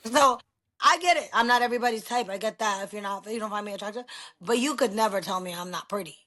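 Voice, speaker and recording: A middle-aged woman of Pakistani heritage in a casual podcast chat, talking in an animated, emphatic way and swearing freely. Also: medium pitch, fast talker. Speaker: podcast guest.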